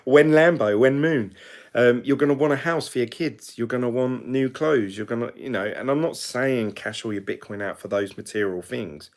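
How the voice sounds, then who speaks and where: A man's voice: mid-range voice, normal speed, hardly any pauses. A middle-aged man from the UK, talking to camera in a chatty, rambling way that often corrects itself. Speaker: crypto vlogger. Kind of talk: casual monologue to camera.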